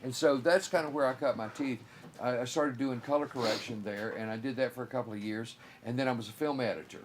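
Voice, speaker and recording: An older man answers interview questions in a rambling, halting way, circling back on his words. A faint noise sits under the recording. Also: medium pitch. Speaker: filmmaker guest.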